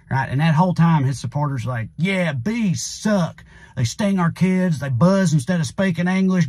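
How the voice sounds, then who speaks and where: A man's voice: mid-range voice, darkish tone, husky, dry recording. A man with a Southern US accent delivering a sarcastic satirical comedy monologue as a channel host, drawling with punchy asides.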